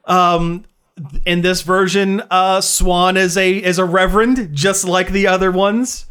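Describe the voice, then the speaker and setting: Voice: medium pitch, steady tone, unhurried, fairly bright tone, clear, resonant tone. Podcast co-host, casual chat, enthusiastic, laughs often.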